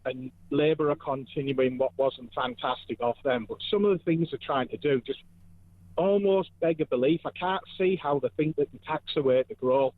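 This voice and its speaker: A man phones in to a radio call-in show, earnestly and emphatically building his case in a voice on the high side. The line sounds tinny and dry, with no room sound.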